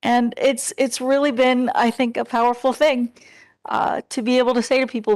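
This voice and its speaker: A woman's voice: on the high side, little pitch movement, moderate pace, a little mellow. A woman giving earnest, direct testimony as a disability advocate at a public hearing. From Pennsylvania.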